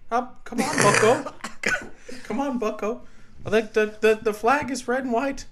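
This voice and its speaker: A man's voice: extremely high pitch, a little slow, a bit bright. A man doing a ranting, preachy male professor. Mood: lecturing rant. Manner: ranting, lecturing, crude. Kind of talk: comedy podcast impression.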